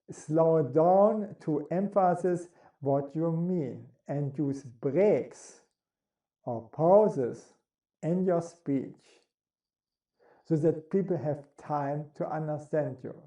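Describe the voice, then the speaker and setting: Slow, deliberate man in an echoey room. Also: on the high side, dark tone. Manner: slow, deliberate, demonstrates sounds; non-native English phrasing. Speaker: voice and speaking coach. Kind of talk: instructional talk on speaking. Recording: roomy echo.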